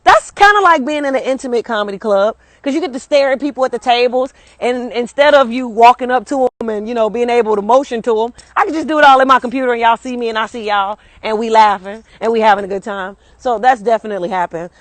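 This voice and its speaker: A woman's voice: fairly high pitch, quick pace, hardly any pauses, dry recording. Candid slangy woman vlogging outdoors. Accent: Caribbean American English. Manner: candid, slangy, animated storytelling. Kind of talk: casual storytime vlog. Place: outdoors, walking up a hill. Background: street and vehicle noise.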